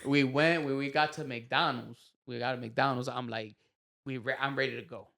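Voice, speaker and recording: A man hosting a comedy podcast, telling a story in an animated way, acting out the quotes and laughing often. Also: medium pitch, moderate pace, vocal fry. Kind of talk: casual storytelling chat.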